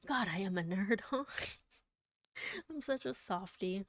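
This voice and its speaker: Soft-spoken, emotional woman streamer. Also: medium pitch, expressive, no echo. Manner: soft-spoken and emotional, often dropping into a whisper; halting, with many restarts and fillers. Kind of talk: casual chat on a live poetry reading stream.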